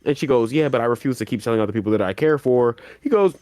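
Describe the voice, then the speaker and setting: A man co-hosting a casual podcast, recapping an anime plot in loose slang. He acts out each character's lines as he goes, shifting his delivery, and his voice sits at an ordinary pitch. The sound is close and dry, with little room echo. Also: lively intonation, very fast, darkish tone. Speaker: podcast co-host.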